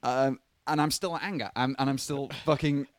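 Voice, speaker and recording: A podcast co-host chats casually, rambling and cursing freely. His medium-pitched voice is steady and moderately paced, recorded in studio quality with no room sound.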